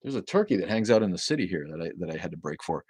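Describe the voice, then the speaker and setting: Deep-voiced, profane middle-aged man. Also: sing-song, very fast, a little mellow, husky, no room sound. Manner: rambling, profane, chatty. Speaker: livestream host reading viewer chat. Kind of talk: casual livestream chat.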